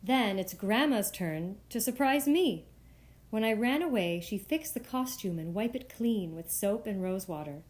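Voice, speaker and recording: A woman reading a picture book aloud for young children at storytime, voicing the young narrator with bright, lifted lines. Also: unhurried. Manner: expressive, lifting high for the child's voice. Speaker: storytime reader.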